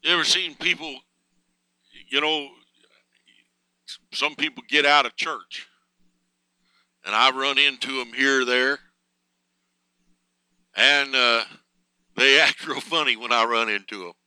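A man's voice: medium pitch, slow pace, pauses often, bright, forceful tone, smooth, dry recording, low-quality recording. A man preaching a conversational sermon in a folksy, plain-spoken way, chuckling between thoughts.

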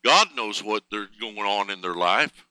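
A man's voice: on the low side, expressive, a little slow, bright, forceful tone, clear, resonant tone, dry recording, rough recording. A man preaching a conversational sermon in a folksy, plain-spoken way, chuckling between thoughts.

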